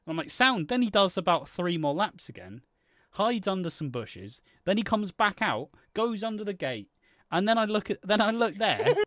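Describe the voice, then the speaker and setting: Young british guy rambling and cursing, bouncy pitch, dry close sound. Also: big pitch swings, moderate pace, fairly bright tone, no room sound. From Britain. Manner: rambling storyteller, swears a lot. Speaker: co-host of a soap opera channel. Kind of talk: live stream casual chat.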